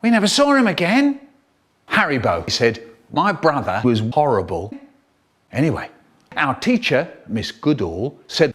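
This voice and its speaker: Lively man telling comic stories. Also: unhurried, slightly rough. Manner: animated storytelling with wild pitch jumps. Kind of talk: comic spoken-word collage.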